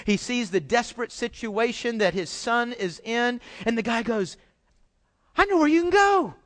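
A man's voice: sits high, a bit bright. A man preaching a sermon as pastor, in a folksy conversational way with frequent restarts, addressing his congregation.

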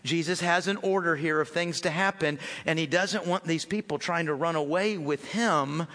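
American male pastor, high bright voice, lively conversational sermon in a reverberant church hall. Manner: animated, conversational, addresses congregation as folks.

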